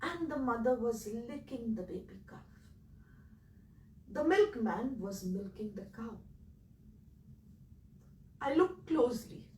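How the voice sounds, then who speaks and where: A woman with an Indian accent, telling her own story in an earnest, emotional way that swings between loud and quiet. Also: on the high side, lively intonation, slow pace, long pauses, reverberant, recorded from a distance, poor audio. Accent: Indian English. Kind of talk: personal storytelling talk.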